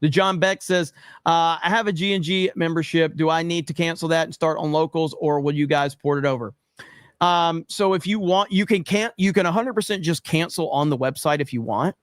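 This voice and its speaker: A man's voice: on the high side, fairly quick, no echo, studio quality. A man hosting a casual livestream, reading out viewer messages and answering them in a profane, exasperated, joking way. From United States. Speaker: livestream host. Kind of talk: casual livestream chat reading super chats.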